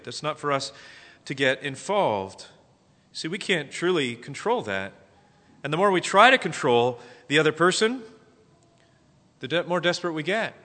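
A man preaching a sermon as pastor, animated, often acting out quotes. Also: mid-range voice. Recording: long hall reverb.

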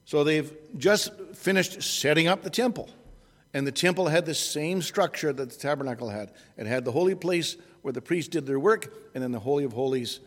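A man delivers an expository sermon at an unhurried pace, often restarting and correcting himself. His voice is on the high side, and there's a long reverb tail.

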